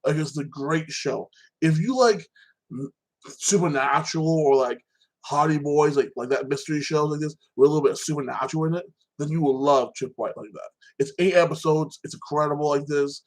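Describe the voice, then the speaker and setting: This podcast host's voice sits a little high and moves briskly, captured on a rough recording. Recapping TV episodes in a loose, casual way, he keeps starting over and adding "like that" as he rambles on.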